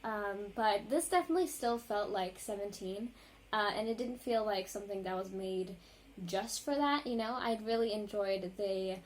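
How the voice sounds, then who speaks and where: A woman vlogger reacting to music in a casual, rambling chat, full of ums and likes and quick apologies. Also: medium pitch, slight background noise.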